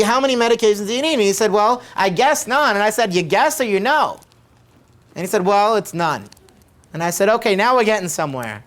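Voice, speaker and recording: Chiropractor telling a patient story. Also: male voice, sits high. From United States. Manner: conversational, repeats questions for emphasis.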